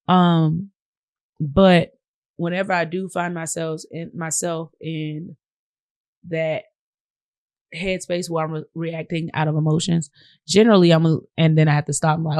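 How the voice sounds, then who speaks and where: A woman's voice: low voice, fairly even intonation, moderate pace, darkish tone, dry recording. A woman with a Southern US accent hosting a podcast, talking casually and straight to her listeners as "y'all". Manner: conversational, addresses listeners as y'all. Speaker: podcast host. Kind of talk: casual monologue.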